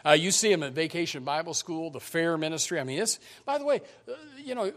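Man, preacher, high-pitched, emphatic sermon delivery, church sanctuary. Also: expressive, fairly quick, few pauses. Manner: emphatic preaching with sudden loud and quiet swings. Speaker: pastor.

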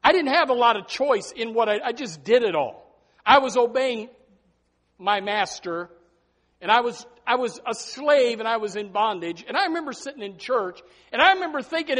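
A man preaching a sermon as pastor, animated and folksy, breaking into snatches of hymns. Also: extremely high pitch, normal speed.

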